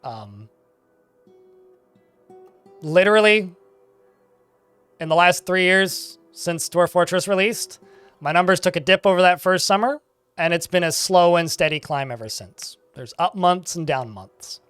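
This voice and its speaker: Young male streamer, chatty and dry, a touch sarcastic, slightly high clean voice over faint music. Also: lively intonation, unhurried, pauses often, fairly bright tone, clear, resonant tone, no room sound. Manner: dry, sarcastic-sounding delivery. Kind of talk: casual livestream chat while gaming.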